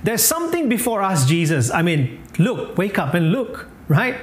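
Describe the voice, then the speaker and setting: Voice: mid-range voice, very animated, moderate pace, a little hiss or hum. A preacher giving a sermon, emphatic, repeating key phrases and chuckling now and then. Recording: echoey room.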